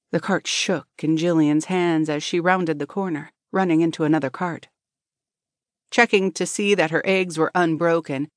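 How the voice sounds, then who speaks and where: Casting: a woman with a lowish voice for audiobook narration, dry close recording. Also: no echo.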